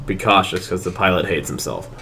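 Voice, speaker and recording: A man's voice: sits low, expressive, brisk, creaky, pushed and bright, slight background noise. A man hosting a podcast, joking casually and putting himself down. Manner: joking, self-deprecating, laughs a lot. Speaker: podcast host. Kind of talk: casual chat.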